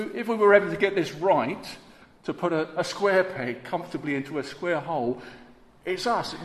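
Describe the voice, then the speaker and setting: A man preaching a sermon, emphatic and rhetorical, moving between hushed and forceful delivery. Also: a little high. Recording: echoey hall, long reverb, faint background hiss.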